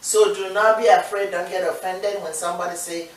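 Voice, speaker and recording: A woman's voice: on the low side, fairly even intonation, normal speed. A Nigerian-accented woman co-hosts a casual talk show, earnest and encouraging, driving her points home by repeating them. She sits well back from the mic, and the room around her rings with heavy echo. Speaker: co-host. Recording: distant, echoey room sound.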